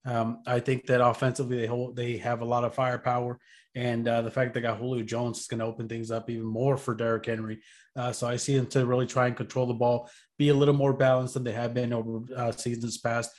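A man's voice: medium pitch, little pitch movement, fast talker, a little mellow. A man co-hosting a casual sports betting chat, laid-back and rambling as he explains his reasoning. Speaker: podcast co-host.

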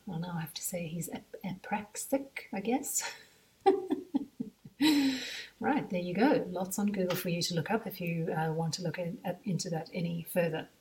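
A woman's voice: on the low side, darkish tone, recorded from a distance. A woman with a South African accent, hosting a podcast as a mother, talking in a chatty way full of asides. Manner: chatty, thinks aloud with frequent asides. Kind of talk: casual podcast monologue.

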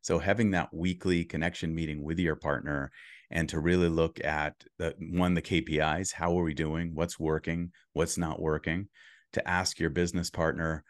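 A man's voice: deep voice, little pitch movement, moderate pace, no room sound, clean studio sound. A man as a podcast guest, talking through advice in an earnest coaching tone with frequent restarts. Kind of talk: casual interview chat.

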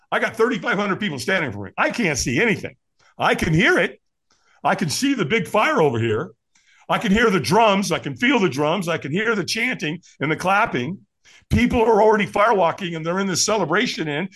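A man's voice: fairly high pitch, husky. A man telling a personal story as a podcast guest, acting out the people he quotes. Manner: animated, acts out quoted voices. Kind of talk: storytelling in casual conversation.

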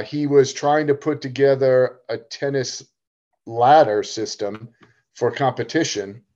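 A tennis coach talks through his thoughts on a casual podcast, often restarting sentences. His voice is at a medium pitch for a man. The recording sounds a little dull and lo-fi. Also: a little mellow. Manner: thoughtful, explanatory, with frequent restarts. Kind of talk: casual chat.

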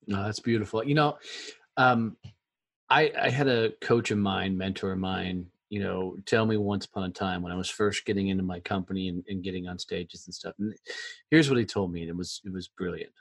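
A man hosting a podcast, blunt and animated, swearing freely as he talks. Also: low voice, brisk, no echo. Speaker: podcast host. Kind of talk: casual interview chat.

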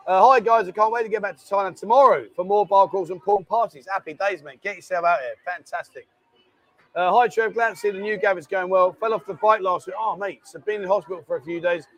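A man's voice: sits high, a little fast, a bit bright. A man, hosting a casual live stream and bantering as he reads out viewer comments. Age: 50s. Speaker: host.

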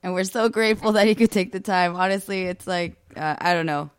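A woman co-hosting a podcast while sick, a bit husky, teasing and laughing often in casual chat. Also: on the low side, a little fast, dry recording, clean studio sound. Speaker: podcast co-host.

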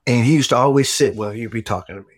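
A middle-aged man, a guest author, telling a personal story in casual conversation, animated and emphatic, swearing freely. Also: mid-range voice, very fast, dry recording, studio quality.

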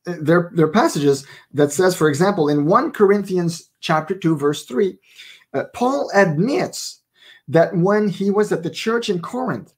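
A man's voice: sits high, lively intonation, unhurried, slightly rough. A man co-hosting a casual faith podcast, playful and fond of wordplay, telling stories with animation. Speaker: podcast co-host and author.

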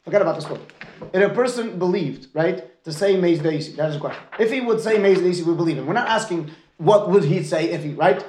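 A man's voice: high voice, quick pace, darkish tone, reverberant, a little hiss or hum. A man teaching a Talmud class, mixing Aramaic and Hebrew terms into his English and often checking in with his students by asking "right?". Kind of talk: lecture with student questions.

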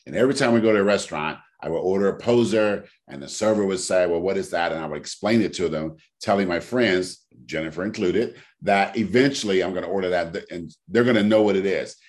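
A man co-hosting a casual podcast, telling stories in an animated way and breaking into loud laughter. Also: sits low, quick pace, few pauses. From Sacramento area. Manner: animated storyteller, bursts into shouting laughter. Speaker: podcast co-host. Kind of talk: casual storytelling chat.

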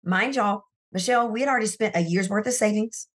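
Woman, sales coach guest; candid, animated storyteller who speaks straight to the audience; recorded in her office. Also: medium pitch, fast. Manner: animated, emphatic storyteller who addresses listeners directly. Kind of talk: candid faith-based interview storytelling.

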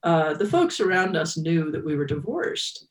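A woman's voice: deep voice, very animated, normal speed. A woman in her fifties telling a personal story as an interview guest, reflective and emotional, with many restarts.

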